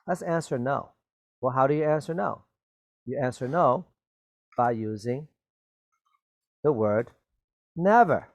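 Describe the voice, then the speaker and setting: A man gives an English grammar lesson in a slow, deliberate manner, stressing key words and repeating example sentences. He keeps checking that students follow. His voice sits at a middle pitch and sounds close and dry. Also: expressive, no echo. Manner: patient and repetitive, checks in with "okay?" and "right?". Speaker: English teacher. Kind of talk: grammar lesson for Chinese-speaking learners.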